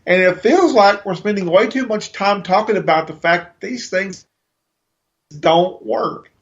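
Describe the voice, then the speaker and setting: High-voiced man on a dull lo-fi line. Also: measured pace, a bit bright. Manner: brief reactive interjections. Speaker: podcast co-host. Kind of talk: casual podcast chat.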